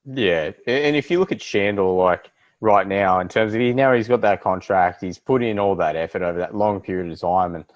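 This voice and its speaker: Low-voiced podcast host. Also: male voice, fairly quick, no room sound, dull audio. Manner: relaxed, rambling questions with fillers. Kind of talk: casual podcast interview.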